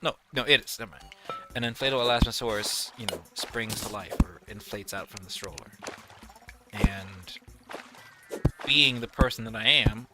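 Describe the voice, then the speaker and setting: A man's voice: lowish voice, normal speed, loud music behind the voice. A young man rambling through casual gameplay commentary, telling stories animatedly and laughing as he goes. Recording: noisy home recording.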